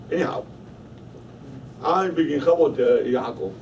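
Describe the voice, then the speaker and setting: A man's voice: on the high side, normal speed, pauses often, darkish tone. A man teaching a Torah class in a study hall, emphatic and constantly questioning his listeners. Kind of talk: Torah lesson. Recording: voice from a distance, faint room noise.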